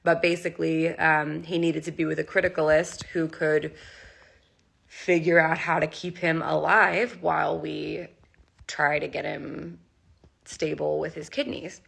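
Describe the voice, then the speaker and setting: Young woman vlogger near tears, very gravelly vocal fry, bright edge, rambling live phone chat. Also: sits low, level tone, a little slow. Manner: emotional, rambling, heavy use of "like". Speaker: animal rescuer and channel host. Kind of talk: casual live-stream chat.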